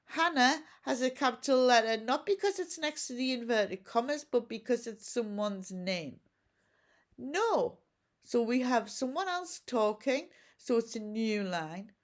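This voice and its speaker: A woman's voice: a little high, lively intonation, unhurried. A woman teacher giving a recorded home-learning lesson, explaining each step patiently and asking questions as she goes. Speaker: primary school teacher.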